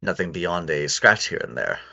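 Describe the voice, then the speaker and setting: A man's voice: sits low, expressive, normal speed, creaky, bright, forceful tone, lo-fi sound. A man playing a tabletop game, haggling politely in character and hesitating with many fillers. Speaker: player.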